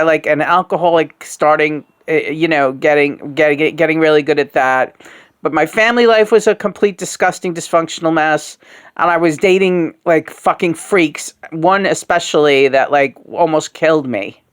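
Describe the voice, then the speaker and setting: A woman's voice: low voice, moderate pace, clean tone. A woman in her sixties, a host of a puppet show, talking in a frank, rambling, casual way, full of fillers and swearing. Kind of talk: casual candid conversation.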